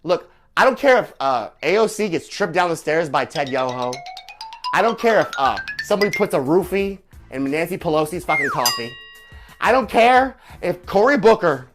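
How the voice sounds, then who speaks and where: A man's voice: fairly high pitch, big pitch swings, moderate pace, music in the background. A man hosting a live stream, ranting with profanity and firing off repeated rhetorical questions. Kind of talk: angry political rant on a live stream.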